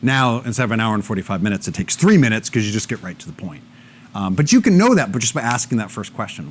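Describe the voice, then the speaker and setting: A man's voice: lowish voice, quick pace, slight background noise. A man speaking to a live audience, telling stories and acting out both sides of conversations. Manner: animated storytelling, acting out both sides of dialogues.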